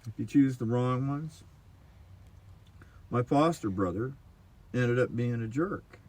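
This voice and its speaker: Casual storytelling man, mid pitch, rambling and animated, heard distant in a very echoey room with faint noise. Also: slow pace. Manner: rambling, animated, swings between loud and soft. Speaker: guitar player giving advice.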